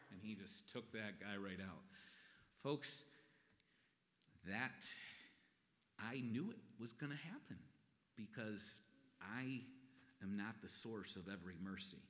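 A man preaching a sermon, telling stories with energy and reading scripture aloud. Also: fairly low pitch. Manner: animated storytelling, reads scripture aloud. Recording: long reverb in a large hall.

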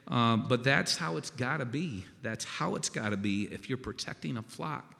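A man's voice: medium pitch, lively intonation, normal speed, creaky, hardly any pauses, fairly bright tone. A man preaching a sermon in a folksy, conversational way, often checking in with "okay?". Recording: long reverb of a large hall.

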